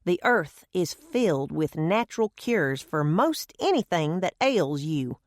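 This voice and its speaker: A woman's voice: on the low side, big pitch swings, a little slow, dry recording. A woman voicing a folksy old grandmother who swears by herbal remedies, with homespun phrasing, in a dry close recording. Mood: insistent.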